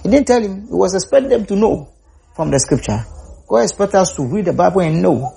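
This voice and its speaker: Gravelly preacher man. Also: high-pitched, lively intonation, fairly quick, dark tone. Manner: rising to emphatic calls, repeats words. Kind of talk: sermon.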